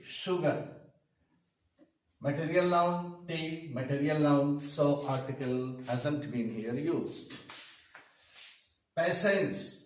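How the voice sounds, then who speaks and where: An older man with an Indian English accent teaches grammar at a whiteboard, speaking very slowly, with many pauses and repetitions. His voice is a little higher than usual. He sounds heavily echoey and distant, as if recorded from across a bare classroom. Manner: slow, repetitive explaining with frequent hesitations. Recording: echoey room, far from the mic.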